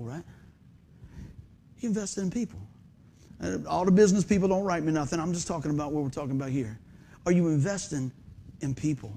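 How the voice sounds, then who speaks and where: There's slight background noise as a pastor in his fifties, his voice on the high side, gives an animated, conversational sermon in a stage-lit church sanctuary. He keeps quizzing the congregation and joking about himself.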